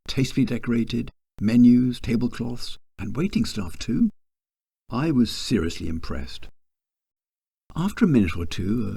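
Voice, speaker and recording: A man tells a story about himself, wry and self-deprecating. His voice is husky and mellow, and his pitch rises and falls with lively swings. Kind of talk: first-person storytelling.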